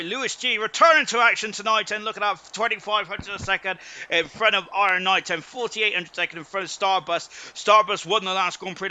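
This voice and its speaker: Live on a sim racing league broadcast, a British esports commentator rambles along, leaning heavily on fillers and joking at his own expense. His high voice sounds pushed and bright.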